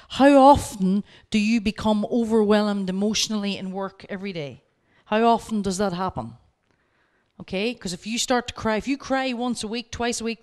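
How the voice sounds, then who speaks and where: A woman speaking at a workshop, telling lively stories and coaching her audience directly. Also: mid-range voice. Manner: lively anecdotes, acting out both sides of the dialogue. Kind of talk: storytelling lecture.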